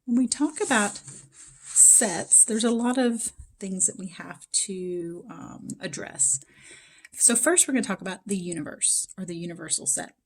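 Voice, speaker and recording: Female math instructor, slightly hoarse, easygoing explanatory lecture delivery with fillers. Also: medium pitch, animated, unhurried. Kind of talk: recorded lecture.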